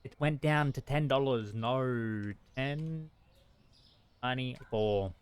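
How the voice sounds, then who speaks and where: A young man streaming a shop game, talking fast and frazzled to his customers and himself. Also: medium pitch, clear, resonant tone. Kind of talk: live-streamed gameplay commentary.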